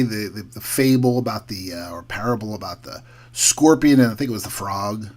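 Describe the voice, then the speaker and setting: A man hosting a heated, combative political commentary monologue. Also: medium pitch. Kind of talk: opinionated podcast monologue.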